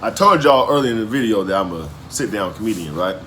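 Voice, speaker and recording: A man's voice: on the low side, lively intonation, fast, bright, forceful tone, a little hiss or hum. A man hosting a reaction video in casual, slangy commentary, laughing often. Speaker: reaction channel host.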